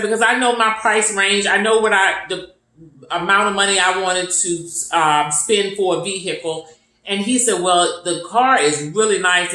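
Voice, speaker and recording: A woman's voice: mid-range voice, bright, forceful tone, roomy sound, low-quality recording. A woman casually telling a personal faith testimony, acting out the conversations she had. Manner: retells conversations in quoted voices, repetitive and earnest. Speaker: storyteller sharing a testimony.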